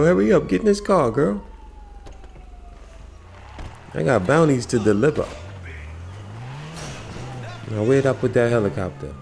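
Male gamer, mid-pitched, gravelly and easygoing, slangy commentary with faint background noise. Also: darkish tone, roomy sound. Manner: laid-back, slangy, talks to game characters. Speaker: video game streamer. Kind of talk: casual gameplay commentary.

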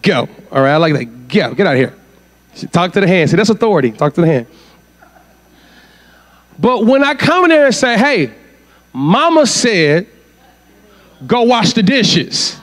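This high-pitched, very animated male preacher speaks a little quickly but stops often. As the guest speaker at a church conference, he delivers a sermon full of rhetorical questions aimed at the crowd.

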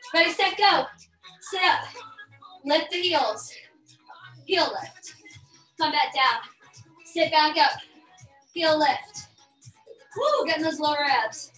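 A woman fitness instructor calls out moves and countdowns in a high, bright, energetic voice, a little out of breath. She sounds set back from the mic in an echoey room, with music playing behind her. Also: far from the mic. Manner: energetic coaching with cheers and countdowns. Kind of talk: live workout class instruction.

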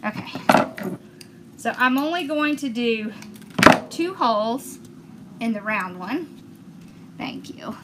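A woman's voice: on the high side, expressive, slow, pauses often, heavy background noise. A woman hosting a crafting video, chatting enthusiastically as she talks viewers through each step. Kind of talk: casual crafting demonstration.

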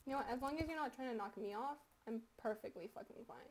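A young woman with a high voice chatters loosely over a game she is playing, giggling and swearing as she mocks herself. She sounds like a teenager talking into a desk mic at home. A faint hiss sits under her voice. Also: fast talker. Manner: rambling, swearing, giggly, self-mocking. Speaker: gaming YouTuber. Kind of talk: casual gaming commentary.

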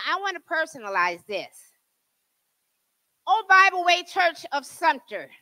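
Lively, bright-voiced woman preacher in her sixties. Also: high voice, no echo, rough recording. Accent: Southern US. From New Jersey. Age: 60s. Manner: emphatic preaching with laughs and audience prompts. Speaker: Bible study teacher. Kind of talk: sermon. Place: church.

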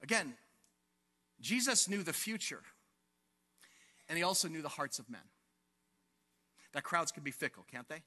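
A male pastor preaching an animated sermon to his congregation, asking them questions and acting out the scene. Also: fairly high pitch, moderate pace, pauses often, big-room sound. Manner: animated, asks the congregation questions and acts out quotes. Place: church sanctuary.

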